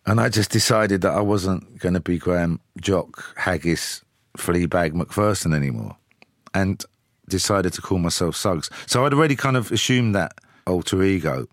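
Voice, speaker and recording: A man, telling lively anecdotes with chuckles as a studio guest. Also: low voice, moderate pace, no room sound. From England. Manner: lively, chuckling storyteller with frequent "you know". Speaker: musician, guest. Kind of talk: casual chat, anecdotal storytelling.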